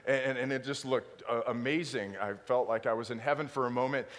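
A male pastor telling a self-deprecating story in a sermon, animated and swinging into loud exaggerated outbursts. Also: medium pitch, a little fast. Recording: long hall reverb.

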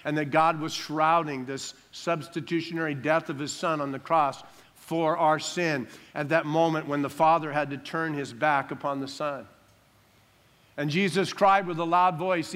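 Male pastor, emphatic sermon delivery, bright and forceful tone. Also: a little high. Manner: emphatic preaching, calls for amens, drops soft on solemn lines.

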